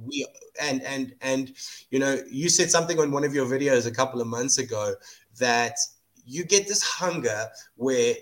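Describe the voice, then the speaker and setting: Male podcast host, mid-pitched, earnest and casual, stumbles and repeats words as he works out Bible points. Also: normal speed. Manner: earnest, repeats words while gathering thoughts.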